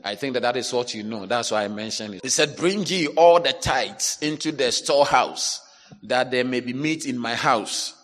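A male pastor preaching a sermon, animated, dropping to low asides and rising to loud shouted lines as he acts out complainers. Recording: long hall reverb.

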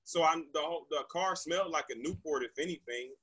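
Husky, animated man. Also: fairly high pitch, fairly quick, no room sound, rough recording. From Texas. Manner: animated, profane, indignant. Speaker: podcast guest, rapper. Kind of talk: casual storytelling.

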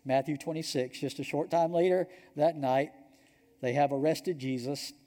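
Warm-voiced Georgia pastor preaching. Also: male voice, on the high side, steady tone, normal speed. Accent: Georgia, US Southern. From Georgia, United States. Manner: earnest storytelling, emphatic, drops soft on key points. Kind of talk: sermon. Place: church sanctuary. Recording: long reverb of a large hall.

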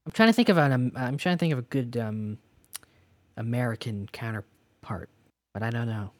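A man's voice: medium pitch, normal speed, no echo, studio quality. A Canadian man co-hosting a podcast, chatting casually and joking with a friend. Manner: joking, animated. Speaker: podcast co-host. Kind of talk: casual chat.

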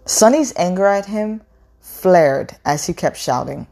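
A woman reading a novel aloud in a measured, unhurried way, with an occasional stumble over a word. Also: fairly low pitch, lively intonation, creaky, warm tone.

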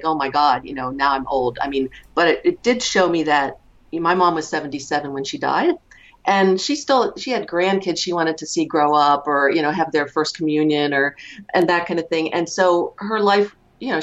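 A woman in her fifties with a low voice, speaking as an interview guest. She talks reflectively, often pausing with fillers and restarting her sentences. The recording sounds dull and lo-fi. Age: 50s. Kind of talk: conversational interview.

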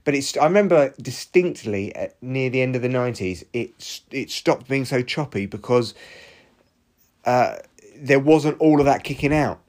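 A man's voice: medium pitch, lively intonation, normal speed, darkish tone. A man, hosting a podcast in a sweary, rambling casual monologue. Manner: sweary, rambling, gets heated then self-mocking. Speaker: podcast host.

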